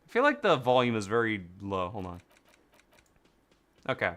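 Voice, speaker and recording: A man giving casual let's play commentary, animated and jokey, swearing often. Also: on the low side, moderate pace. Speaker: gaming channel host.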